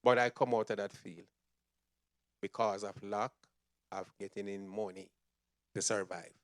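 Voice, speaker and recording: A man giving a spoken testimony in a church, telling his story with animated storytelling. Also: fairly low pitch, unhurried. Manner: animated storytelling, acts out quoted voices. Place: church sanctuary.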